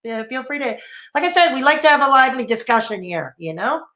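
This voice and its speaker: A woman's voice: high voice, very animated, fast, pushed and bright, roomy sound. Rambling woman streamer with hiccups. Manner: rambling, frequent fillers and restarts. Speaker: live stream host. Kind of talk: casual live-stream chat reading viewer comments.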